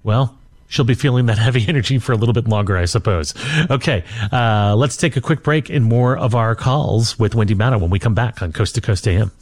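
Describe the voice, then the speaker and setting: A man hosting a late-night call-in radio show, talking relaxed and conversational with frequent fillers. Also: on the low side, a little fast, few pauses, slight background noise. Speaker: radio talk show host.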